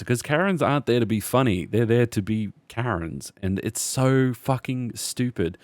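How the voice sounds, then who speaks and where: A man's voice: medium pitch, animated, moderate pace, few pauses, no echo. A man co-hosting a casual podcast, ranting and swearing with sarcasm. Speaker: podcast co-host.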